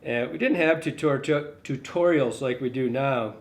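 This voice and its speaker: A man's voice: mid-range voice, normal speed. A middle-aged man demonstrating fly tying in a casual, rambling, folksy way, often correcting himself mid-sentence.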